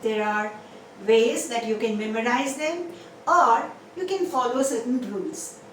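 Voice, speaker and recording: A woman teaching English pronunciation, asking questions and answering them herself, and repeating example words slowly. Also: fairly high pitch, a bit bright. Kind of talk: pronunciation lesson. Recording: echoey room, mic a bit distant, faint noise.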